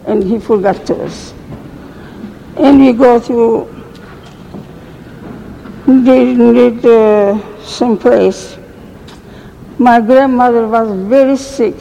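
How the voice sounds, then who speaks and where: An older woman recounting her past slowly in a gravelly, mellow voice. Her English is halting and broken, full of false starts. The recording has a long reverb and a faint background hiss. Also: a little high. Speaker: survivor giving testimony. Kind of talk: oral history recollection.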